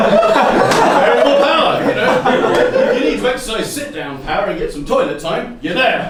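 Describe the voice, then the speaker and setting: Animated English improv storyteller, echoey hall. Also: male voice, a little high, recorded from a distance. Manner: animated, laughing often, repeating audience suggestions. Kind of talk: improvised comic narration. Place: theatre stage with live audience. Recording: echoey hall recorded from afar.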